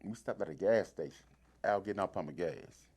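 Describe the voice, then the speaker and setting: A man's voice: low voice, fairly quick, breathy edge. A man with a D.C. telling a long story in casual talk, acting out the voices of the people in it. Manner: animated, acts out voices in his stories.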